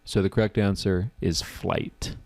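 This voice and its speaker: A man's voice: deep voice, a little slow. A man teaching an online test-prep class, acting out confused test takers. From United States. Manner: animated, acts out test takers' reactions.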